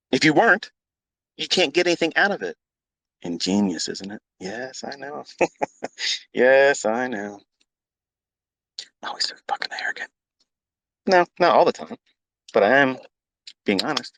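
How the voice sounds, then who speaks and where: A middle-aged man giving a blunt, profane, unscripted rant as a trading educator hosting a live audio chat, repeating himself and swinging into loud outbursts. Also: medium pitch, dry recording, rough recording.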